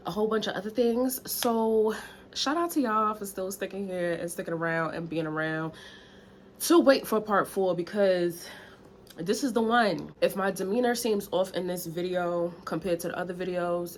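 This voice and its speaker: A vlogger with a fairly low voice chats candidly at a moderate pace in a casual story time video. She sounds a little out of breath, and there's slight background noise.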